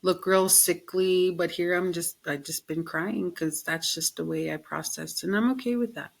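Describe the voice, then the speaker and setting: Lively middle-aged woman telling stories. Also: lowish voice, moderate pace, vocal fry, poor audio. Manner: animated storytelling, acts out her own quotes; frequent fillers, laughs easily. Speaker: podcast guest. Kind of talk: casual interview chat.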